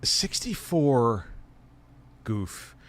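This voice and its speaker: A man's voice: medium pitch, big pitch swings, extremely slow. A man hosting a casual livestream, chatting with viewers in a rambling, enthusiastic way and swearing freely. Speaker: streamer host.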